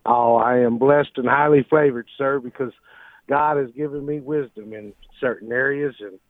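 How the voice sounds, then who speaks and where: A man's voice: medium pitch, fairly even intonation, moderate pace, no room sound. A man calling in to a radio show, effusive and religious in his greeting. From Texas. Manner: warm-hearted, religious, effusive. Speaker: caller. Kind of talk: call-in radio talk. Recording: dry, tinny phone line.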